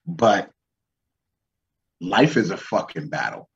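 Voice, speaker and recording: A man's voice: low voice, lively intonation, slow, creaky, far from the mic, highs cut off. A man hosting a casual talk show, ranting in a profane, fired-up motivational way. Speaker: podcast host. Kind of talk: casual chat.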